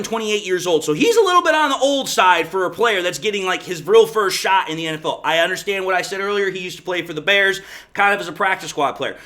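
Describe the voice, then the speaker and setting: A young man hosts a solo sports show, his voice pitched high and sharp. He leans hard on key words and talks himself into each point. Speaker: sports podcast host.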